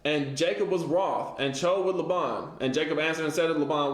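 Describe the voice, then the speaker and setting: A man's voice: fairly high pitch, fairly even intonation, brisk, hardly any pauses. A man teaching a casual Bible lesson, reading scripture and retelling it in everyday slang. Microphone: livestream setup. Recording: echoey room.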